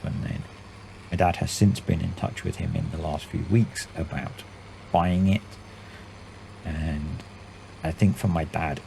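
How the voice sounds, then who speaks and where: Gravelly low-voiced man in his forties. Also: a little hiss or hum. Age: 40s. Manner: rambling, says his voice is usually monotone. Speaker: gaming channel host. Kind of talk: casual let's-play commentary.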